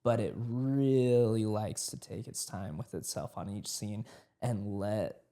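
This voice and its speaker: A man's voice: on the low side, steady tone, takes it slowly, warm tone. A man co-hosting a movie review podcast, talking reflectively with hesitant "uh" fillers. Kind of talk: casual review chat.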